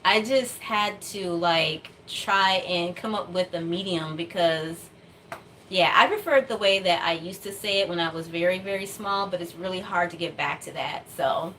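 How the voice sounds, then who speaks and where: A woman's voice: on the low side, normal speed, fairly bright tone, slight background noise. A woman vlogger from the United States chatting casually to her viewers, rambling with lots of fillers and little laughs. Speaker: doll customizing vlogger.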